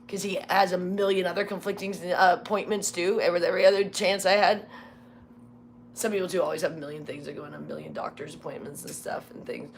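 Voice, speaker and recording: A woman's voice: fairly low pitch, quick pace, gravelly, a little hiss or hum. A middle-aged woman, once a military flight scheduler, telling a rambling story full of "like"s and acted-out quotes. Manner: rambling, many "like"s, acts out quotes. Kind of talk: casual storytelling chat.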